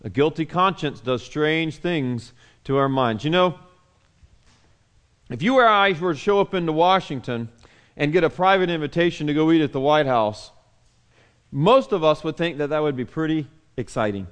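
Male pastor, mid-high voice, lively sermon delivery with soft hushed passages. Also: normal speed, long pauses, smooth. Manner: animated, acts out quotes loudly then drops to soft hushed tones.

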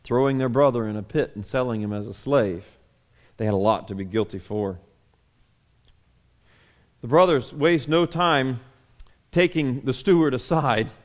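A man preaching a sermon, acting out the people in the story with loud outbursts and then dropping to soft, hushed words. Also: medium pitch. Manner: animated, acts out quotes loudly then drops to soft hushed tones. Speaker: pastor.

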